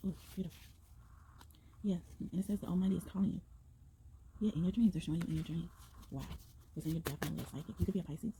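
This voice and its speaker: A young woman giving a casual tarot reading to her viewers, excited and rambling, often breaking into exclamations and slang. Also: fairly low pitch, quick pace, pauses often, slight background noise, rough recording. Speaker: tarot reader.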